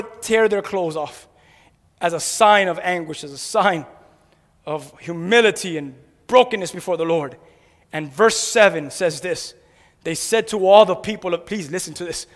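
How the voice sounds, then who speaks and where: A man preaching a fiery sermon in a church, shouting his points and then dropping low. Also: normal speed. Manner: fiery, shouting preacher with sharp jabs and drops to a hush. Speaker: pastor. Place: church sanctuary. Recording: long echo of a large hall.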